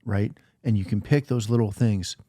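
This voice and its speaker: A man co-hosting a casual talk show, explaining ideas in a relaxed conversational way and acting out his own inner voice. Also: on the low side, moderate pace, dry recording, clean studio sound. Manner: conversational, talks through ideas with quoted self-talk. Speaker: podcast co-host. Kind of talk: casual faith-based chat.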